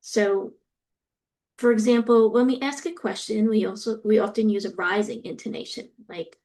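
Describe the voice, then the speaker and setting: Woman lecturer, gravelly fry, mid pitch, explanatory with frequent ums. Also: steady tone, normal speed, dark tone. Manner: explanatory, frequent ums, demonstrates stress in example sentences. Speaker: university lecturer. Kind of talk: recorded lecture.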